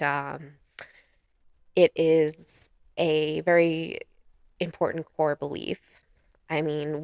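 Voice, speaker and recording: A woman's voice: deep voice, vocal fry, a bit bright, no room sound, clean studio sound. A woman hosting her own vlog, chatting casually to camera with frequent ums and laughs. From US East Coast. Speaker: vlog host. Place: home in Arizona.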